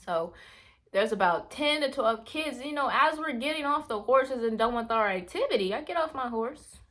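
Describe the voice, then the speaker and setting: A woman vlogger casually telling a rambling personal story, acting out her own reactions in hushed asides. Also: fairly high pitch, moderate pace. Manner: animated, rambling, quotes herself in hushed asides.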